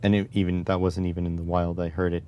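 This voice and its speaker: A man from Canada with a deep, low voice chats casually to his livestream audience. He rambles in wry, offhand asides while working with his hands. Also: little pitch movement, fast, dark tone, dull audio, slight background noise. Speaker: livestream host.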